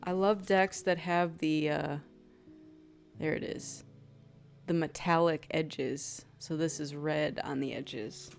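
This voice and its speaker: A woman's voice: deep voice, takes it slowly, vocal fry, faint music behind. A woman giving an intuitive tarot reading in a casual, conversational way, filling her talk with "like" and acting out quoted people. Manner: conversational, chatty with many "like" fillers; acts out quoted people in lively voices. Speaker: tarot reader.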